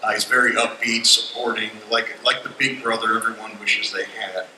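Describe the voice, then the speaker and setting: Bright-voiced man asking panel questions. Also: on the low side, flat delivery, moderate pace, a little hiss or hum. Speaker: podcast host interviewer. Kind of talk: convention panel interview. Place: convention panel room. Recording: roomy hall, voice from a distance.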